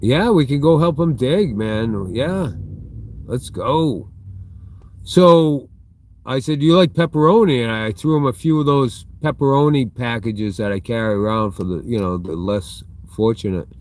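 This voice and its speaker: A man's voice: mid-range voice, measured pace, darkish tone. A middle-aged man live streaming from inside a store, telling a long rambling story and breaking off to answer viewer chat. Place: inside a big retail store.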